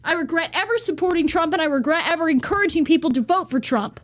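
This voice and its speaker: Woman, high voice, riled up, heated, profane, vlog rant. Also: animated, fast, a bit bright. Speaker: vlogger. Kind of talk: ranting vlog monologue.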